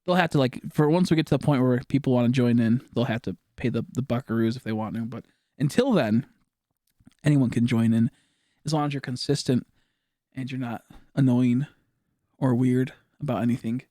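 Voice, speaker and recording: In clean, dry studio sound, a young man with a warm mid-range voice chats briskly while gaming on a live stream. He rambles, mumbles asides, and uses plenty of fillers.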